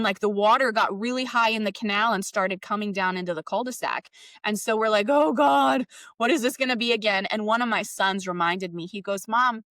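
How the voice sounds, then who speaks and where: A middle-aged woman telling a personal story in an interview, earnest and reflective, often trailing off softly. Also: mid-range voice, no room sound. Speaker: podcast host appearing as guest. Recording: voice a bit distant from the mic, dry.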